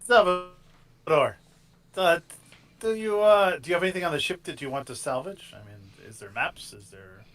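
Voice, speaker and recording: A man's voice: on the high side, brisk, fairly bright tone. A man playing a tabletop game, chatty and joking. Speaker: player. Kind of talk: casual tabletop play.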